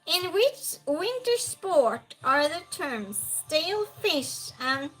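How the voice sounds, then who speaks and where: A woman's voice: high-pitched, very animated, slow, a bit bright, faint music behind. A woman hosting a live trivia stream, reading questions aloud and chatting with viewers.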